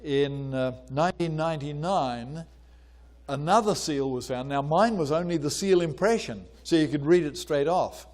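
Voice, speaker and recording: An older man giving an informal lecture on archaeology, conversational with many pauses and fillers, sometimes acting out voices as he retells a story. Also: on the high side, a little mellow.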